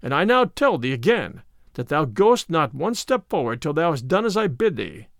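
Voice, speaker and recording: A man's voice: fairly high pitch, sing-song, moderate pace, creaky, dry recording, studio quality. A man doing a bold, mock-courtly outlaw. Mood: stern.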